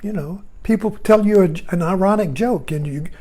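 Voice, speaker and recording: Speaking on Zen and irony, this man gives a casual, wandering talk, chuckling often and cutting himself off mid-sentence. His voice is high and warm, delivered at a moderate pace.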